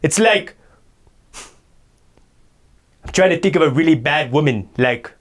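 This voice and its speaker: A man's voice: a little high, expressive, a little fast, close to an everyday voice. A man playing a boastful, self-pitying guy who rambles indignant complaints in an improvised comedy sketch.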